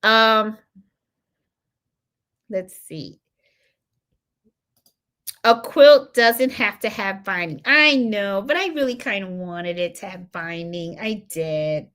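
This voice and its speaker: A woman's voice: medium pitch, animated, takes it slowly, pauses often, a bit bright. A woman from Puerto Rico hosting her embroidery channel's live stream, chatting casually, greeting viewers and reading their comments, with lots of fillers and repeats.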